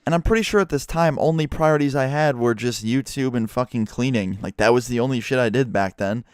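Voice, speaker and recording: A man's voice: medium pitch, brisk, smooth, no echo, clean studio sound. A young man telling a story to his viewers in a casual, rambling way, swearing often and filling gaps with "like". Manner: profane, rambling, heavy use of "like". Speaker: YouTuber.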